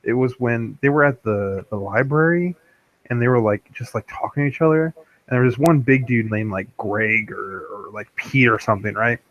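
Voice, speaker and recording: A man's voice: medium pitch, normal speed, a bit bright, no room sound. A man co-hosting a podcast, rambling through a movie recap in casual chat. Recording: dull dry lo-fi sound.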